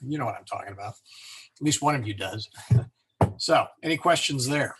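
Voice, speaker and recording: A man teaching an informal class on pronouncing Latin, relaxed and chatty, joking with his students and slowly sounding words out to show them. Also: medium pitch, breathy edge. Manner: relaxed and chatty, many fillers and self-corrections, joking asides.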